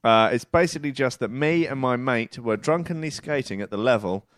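A man's voice: mid-range voice, fairly quick, no echo. A man co-hosting a podcast, reading out a listener's message with wry asides. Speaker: podcast co-host.

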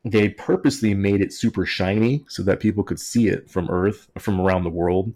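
A man's voice: low voice, normal speed, warm tone. A man hosting a casual history podcast, telling it in a jokey, sarcastic way. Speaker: podcast host.

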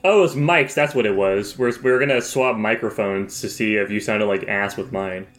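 A man's voice: lowish voice, moderate pace, a bit bright. A man co-hosting a podcast in casual banter, blunt and dry, sounding unimpressed. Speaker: podcast co-host.

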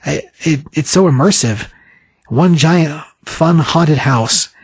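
A man reading the lines of an eager, nervous young man who loves a theme park, in a rushed way. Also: on the high side, breathy edge, dry recording, voice pushed up, full character voice.

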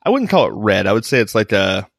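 A man's voice: on the low side, big pitch swings, fast talker, gravelly, husky, no room sound, studio quality. A man co-hosting a podcast in casual chat, joking and laughing often. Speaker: podcast co-host.

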